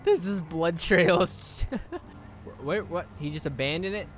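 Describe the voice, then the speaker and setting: A man's voice: high voice, takes it slowly, slight background noise. A man giving casual, amused commentary while streaming a role-play game, often laughing.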